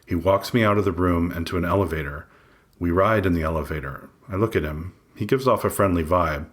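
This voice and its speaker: Male memoir narrator, very low voice, measured, wry, first-person audiobook. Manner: measured, matter-of-fact, wry. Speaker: author reading his memoir.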